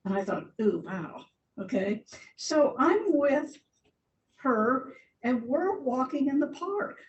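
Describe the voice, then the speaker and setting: In a big church hall, an older woman guest speaker gives a casual, chatty talk about her slides, often laughing. Her slow delivery has big pitch swings. The high frequencies are cut off, and the distant mic picks up echo and a faint rumble.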